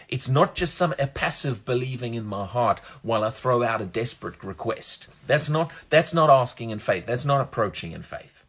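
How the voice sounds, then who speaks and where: Husky-voiced man preaching earnestly. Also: medium pitch, fairly bright tone. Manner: earnest, emphatic, often repeats words while restarting. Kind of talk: sermon.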